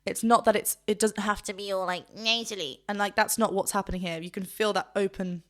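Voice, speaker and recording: A woman vocal coach explaining singing technique in a reaction video, breaking off to demonstrate with loud sung yelps. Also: mid-range voice, steady tone, fairly quick.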